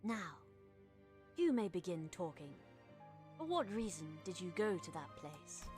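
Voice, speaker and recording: A woman voicing an aloof child leader in a game, speaking calmly and formally. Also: on the low side, a little slow, faint music behind. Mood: cold. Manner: calm, flat, formal.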